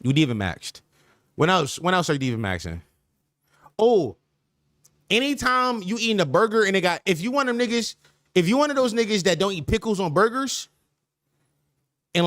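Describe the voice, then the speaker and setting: Sex: man. Role: podcast host. Style: casual streaming chat. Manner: animated, slang-heavy riffing. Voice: high, lively pitch. Sound: dry and close. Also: dry recording.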